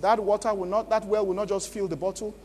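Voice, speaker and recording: A man's voice: sits high, level tone, fast, a little mellow, long reverb tail, slight background noise. A Nigerian man preaching a sermon as pastor at a church conference, emphatic and often asking the congregation questions. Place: large church conference hall.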